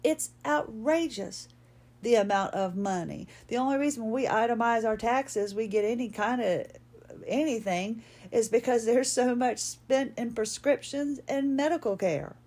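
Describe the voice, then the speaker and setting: A woman's voice: a little high, unhurried, a little mellow. A middle-aged woman, hosting a podcast, talking in a casual, rambling personal monologue full of restarts. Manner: chatty, rambling, frequent restarts and laughs. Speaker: podcast host.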